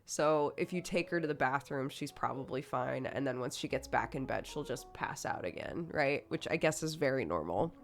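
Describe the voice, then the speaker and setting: A woman's voice: rumbling low, lively intonation, moderate pace, vocal fry, few pauses. A woman streamer chatting casually with her viewers, telling a story with lots of "like" fillers and bursts of laughter.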